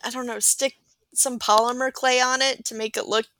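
A woman hosting a casual chat, recapping a film in a rambling, deadpan way. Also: fairly high pitch, moderate pace. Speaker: podcast host summarizing a film.

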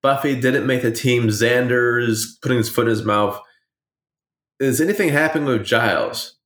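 A man's voice: mid-range voice, normal speed, a bit bright. Laid-back man in a roomy echo. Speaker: podcast co-host. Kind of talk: casual chat. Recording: roomy echoey room.

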